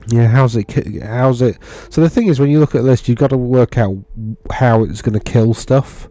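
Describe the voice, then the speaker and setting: A man's voice: medium pitch, moderate pace, dark tone, dry recording. A man casually talking through tournament data on his screen, rambling and correcting himself as he thinks aloud. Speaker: wargaming video host. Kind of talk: casual screen-share commentary.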